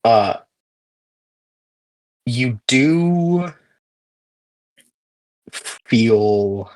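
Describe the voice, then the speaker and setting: Male game master, slow hesitant delivery, full of ums. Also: mid-range voice, lively intonation, a little mellow. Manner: slow, halting, many fillers. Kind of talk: narrating a tabletop game.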